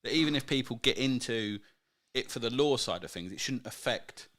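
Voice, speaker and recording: A man co-hosting a podcast in relaxed, joking chat, often calling his friend mate. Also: medium pitch, fairly quick. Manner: joking, laid-back, says mate a lot. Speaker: podcast co-host. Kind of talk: casual chat.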